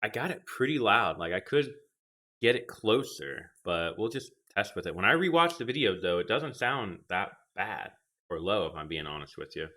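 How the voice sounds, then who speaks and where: A young man with a deep voice that has a bright, forceful edge, rambling through a casual live stream from his home gaming setup. He talks into a desk mic and drifts from one viewer comment to the next. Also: very animated, normal speed. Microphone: desk microphone.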